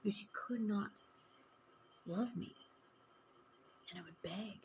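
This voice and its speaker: A middle-aged woman telling a personal story in a vlog, raw and emotional, halting and often hushed. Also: mid-range voice, slight background noise, poor audio. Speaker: vlogger.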